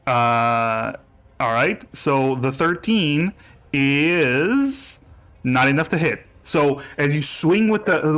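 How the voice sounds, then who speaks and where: A man narrating a tabletop game as game master, halting with many restarts. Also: medium pitch, a bit bright.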